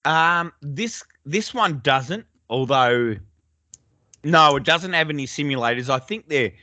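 A man's voice: fairly high pitch, lively intonation, a little slow, sharp tone, no echo. A young adult man with an Australian accent, telling stories in a laid-back, sweary way as a podcast co-host. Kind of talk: casual chat.

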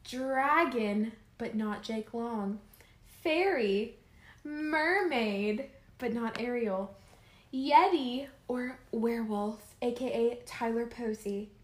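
A woman's voice: a little high, takes it slowly. A young adult woman co-hosting a casual chat, joking playfully as she answers quiz questions. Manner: playful, jokey. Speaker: co-host. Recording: roomy echo.

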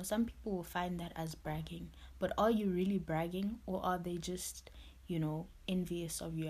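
Tearful, husky-voiced woman speaking slowly. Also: fairly low pitch, dark tone. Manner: tearful, heartfelt, many fillers like "you know" and "literally". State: close to tears. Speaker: podcast host. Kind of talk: emotional personal monologue.

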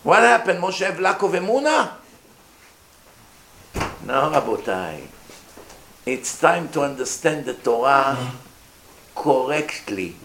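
Animated man, echoey room. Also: fairly high pitch, slow pace, long pauses. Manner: animated, asks the listeners questions, acts out voices. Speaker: rabbi giving a Torah class. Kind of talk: informal Torah lecture to a live group. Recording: echoey room, faint noise.

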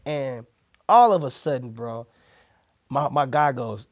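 A young man telling a story in casual chat, animated, laughing and acting out what people said. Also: medium pitch, measured pace, slightly rough. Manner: animated, laughing, acts out quotes.

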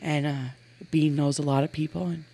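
A woman's voice: low voice, level tone, fairly quick, warm tone, husky. A woman in her forties from Montana tells personal stories as a podcast guest. She speaks earnestly and with animation, often breaking into laughter. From Montana, USA. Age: 40s. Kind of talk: casual storytelling in an interview.

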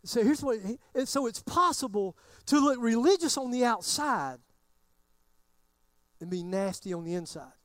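A man's voice: extremely high pitch, animated, normal speed, no room sound. A man preaching a sermon in a casual, conversational way, often acting out what his listeners might be thinking. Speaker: pastor.

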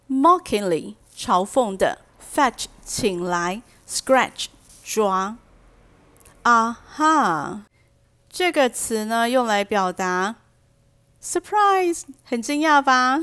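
A woman teaching vocabulary through a storybook, reading each line slowly and then translating and explaining it. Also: on the high side, animated, fairly bright tone, clean tone. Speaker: English teacher. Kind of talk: bilingual storybook lesson.

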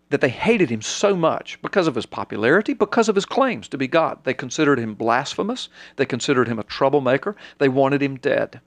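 A preacher explaining scripture in a conversational, sermon-like way, acting out quotes with big jumps in his voice. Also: dry recording. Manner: animated, acts out quotes with big pitch jumps.

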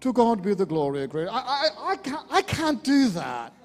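An Irish man preaches to a church congregation, his voice pitched high for a man. He swings from fervent, loud exclamations to soft, hushed appeals. The sound carries a long hall reverb, with quiet music underneath. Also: very animated, moderate pace. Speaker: lead pastor. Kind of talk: sermon.

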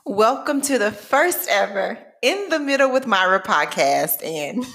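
Lively podcast host woman from Texas. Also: medium pitch, a little slow, soft background music. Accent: Texan. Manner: lively, playful, emphatic. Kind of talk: enthusiastic podcast intro.

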